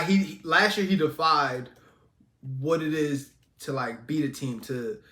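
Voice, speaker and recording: A man's voice: on the high side, bright, forceful tone, roomy sound. A man co-hosting a podcast, chatting casually about football, rambling, emphatic and laughing often. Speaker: podcast co-host. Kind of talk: casual sports chat.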